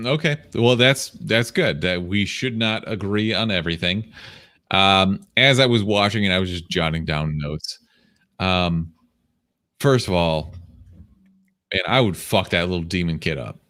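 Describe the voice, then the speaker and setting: A man's voice: low voice, unhurried, sharp tone, no echo, studio quality. A man co-hosting a podcast in casual chat, teasing and profane with mock-tough bravado. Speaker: podcast co-host.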